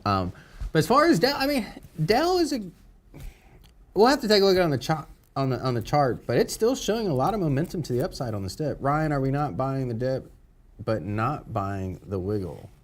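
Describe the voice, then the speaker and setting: Male co-host, stock livestream, higher-pitched, animated, teasing. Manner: quick to laugh, teasing. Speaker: stock market instructor co-host. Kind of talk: live market commentary.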